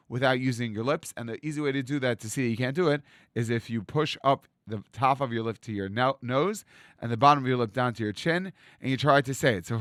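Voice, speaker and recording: Man, rabbi sermon, animated storytelling, dry close sound, mid-pitched voice. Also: dry recording. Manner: animated storytelling, acts out quotes. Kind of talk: Torah sermon.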